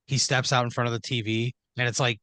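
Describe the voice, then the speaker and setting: A man tells an improvised comic tale into a close, dry podcast mic. He rambles and restarts his sentences as he goes. His pitch sits at an ordinary middle for a man. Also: level tone, fast talker, bright, forceful tone, dry recording. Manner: rambling, profane, second-person narration with restarts. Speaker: podcast host telling an improvised story. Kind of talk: improvised comedic storytelling.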